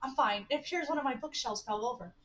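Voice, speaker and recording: A clipped, urgent scientist man in a text game, read out by a woman. He speaks formally and in a hurry, giving orders with no time to waste. The voice sits fairly high for a man. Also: fast talker, a bit bright, dull audio, slight background noise. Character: brisk brainy older male scientist.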